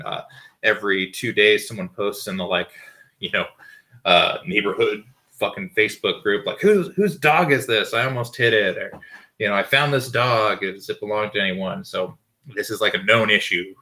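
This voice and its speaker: A man in his thirties hosts a podcast from home, with dogs barking nearby. His voice is on the low side, pushed and bright, as he tells rambling stories packed with fillers and swearing in a casual monologue.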